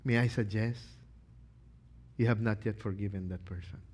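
A male pastor preaching a sermon, animated, questioning his congregation and acting out quotes. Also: lowish voice, moderate pace, slightly rough.

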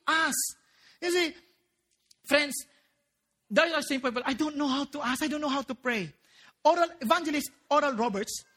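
Bright, high-voiced woman preaching. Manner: animated and joking, mixing in local phrases. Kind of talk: sermon.

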